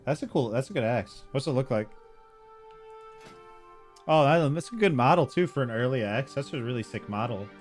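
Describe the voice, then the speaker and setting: A young man chatting casually with viewers while he streams a game, relaxed, laughing often and swearing freely. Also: medium pitch, moderate pace, long pauses, soft background music. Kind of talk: casual live-stream chat while gaming.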